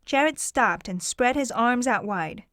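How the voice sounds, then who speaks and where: Woman audiobook narrator, higher pitch, expressive first-person read, dry studio sound. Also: slow pace, no echo.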